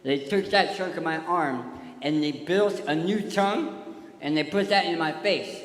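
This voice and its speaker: A man with a slightly high, unhurried voice and a lisp from tongue surgery delivers a humorous storytelling talk on a church stage, speaking to the kids. He's a touring speaker and singer, and the sound is echoey with live music in the background.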